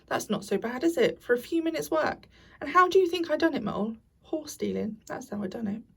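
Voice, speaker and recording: A woman reading aloud puts on a vain, swaggering storybook toad, pitched a touch high with a gravelly edge. He struts through his words, all self-important bluster. The voice sits a little back from the microphone. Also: animated, a little fast, distant mic, full character voice. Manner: swaggering, puffed-up bragging. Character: boastful conceited male toad.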